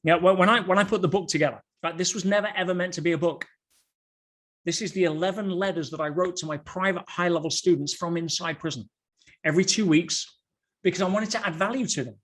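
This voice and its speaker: Animated, fairly high-voiced male podcast guest. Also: fast talker. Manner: animated storytelling with rhetorical questions and restarts. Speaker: podcast guest, motivational speaker. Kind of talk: podcast conversation.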